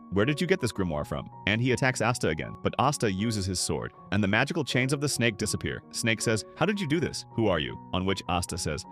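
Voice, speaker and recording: A man with an Indian English accent narrating an anime plot recap in a quick, animated storytelling manner. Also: fairly low pitch. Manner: quick, animated storytelling, quotes characters without changing voice.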